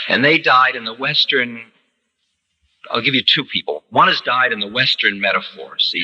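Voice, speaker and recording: Man, spiritual teacher, very sharp bright tone, animated storytelling, old recording with long hall reverb. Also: mid-range voice, breathy edge, dull audio. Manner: animated storyteller, acting out quoted voices. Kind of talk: spiritual lecture. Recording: reverberant lecture hall, archival tape.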